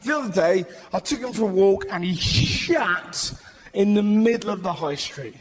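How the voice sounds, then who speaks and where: A male stand-up comedian telling stories live, brisk and animated, swearing freely and slipping into character voices. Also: high-pitched. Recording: live show with audience noise. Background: audience laughter.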